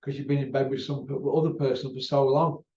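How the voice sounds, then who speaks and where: A man's voice: mid-range voice, steady tone, fairly quick, darkish tone, a little hiss or hum. A man ranting off the cuff to camera about boxing, blunt and mocking, calling people out by name. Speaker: boxing vlogger. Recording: roomy, distant, dull sound.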